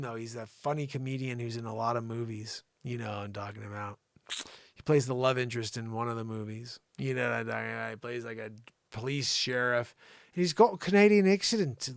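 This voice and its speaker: Riffing, gravelly-voiced male talk show host. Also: mid-range voice, no echo. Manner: excitable, riffing, swings between loud outbursts and muttering asides. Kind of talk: improvised comedic commentary on photos.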